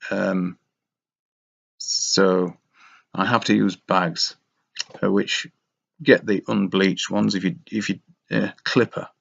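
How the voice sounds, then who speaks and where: A man drifts through a casual, meandering monologue, wry and self-mocking. His voice sits low with a gravelly fry, and he takes his time over every thought. The recording is dull and lo-fi. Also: little pitch movement, takes it slowly, long pauses, a bit bright. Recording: dull lo-fi sound.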